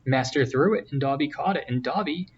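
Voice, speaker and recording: A man reading aloud, voicing an eager male house-elf in a high, pleading voice. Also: brisk, natural voice. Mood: pleading excited. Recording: distant, dull, faint hiss.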